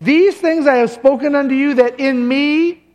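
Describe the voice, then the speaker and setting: High-voiced man preaching a sermon. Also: darkish tone. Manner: emphatic preaching with dramatic pauses and humor. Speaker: pastor.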